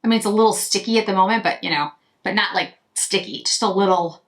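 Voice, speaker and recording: A woman's voice: mid-range voice, fast talker. A woman beauty vlogger chatting casually to camera while doing her makeup, rambling and breaking off mid-sentence. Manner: chatty, rambling, self-interrupting.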